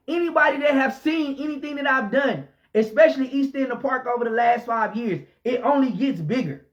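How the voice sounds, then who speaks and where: A man, a pastor, delivering an impassioned preaching rant, swinging between shouted lines and low muttered asides, with repetitive, emphatic phrasing. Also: a little fast, few pauses. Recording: dull lo-fi recording.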